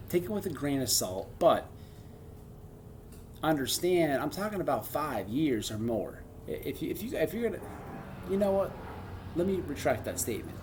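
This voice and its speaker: A man's voice: mid-range voice, a little mellow, a little hiss or hum. A man hosting his own channel, talking in a loose, streetwise monologue full of stammered restarts. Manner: rambling, streetwise, keeps saying "man"; frequent restarts and stammered repeats. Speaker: channel host. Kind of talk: casual monologue.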